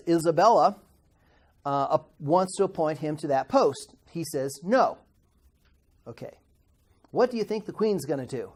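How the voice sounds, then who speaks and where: A middle-aged teacher at a Bible institute lectures his class on history in a voice on the high side and a little mellow. He keeps things conversational, asks questions, and sometimes stumbles over difficult words.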